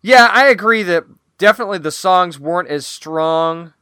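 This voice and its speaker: A man's voice: high-pitched, expressive, normal speed, pushed and bright, clean tone, dry recording, studio quality. A man co-hosting a podcast, chatting casually and gushing enthusiastically about a TV show. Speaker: podcast co-host. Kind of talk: casual chat reviewing a TV show.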